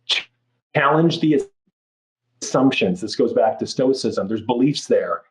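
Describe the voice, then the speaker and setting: Male life coach, mid-pitched, earnest and reflective, restarts phrases as he thinks aloud. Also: expressive, measured pace, poor audio. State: moved, near tears. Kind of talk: podcast interview.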